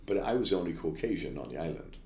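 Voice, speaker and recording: Low-voiced guy spinning quick blunt work stories, echoey room behind him. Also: animated, a little mellow, slight background noise. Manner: brisk anecdotes with blunt asides. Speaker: guest chef. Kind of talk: storytelling interview.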